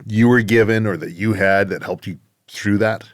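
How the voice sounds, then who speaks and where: A man's voice: on the low side, moderate pace, no room sound. A man hosting a podcast who asks curious questions and gives short, encouraging replies. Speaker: podcast host. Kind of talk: casual interview.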